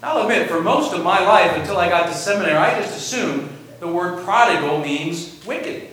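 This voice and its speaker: A man's voice: high-pitched, lively intonation, moderate pace, a bit bright, heavy reverb, far from the mic, low-quality recording. A male preacher giving a sermon, retelling a story with dramatic asides, in a church sanctuary.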